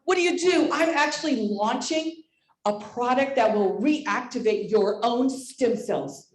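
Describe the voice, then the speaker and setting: A woman in her sixties giving an energetic motivational talk at a sales meeting, loud and excitable and laughing often. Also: fairly high pitch, unhurried, roomy sound. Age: 60s.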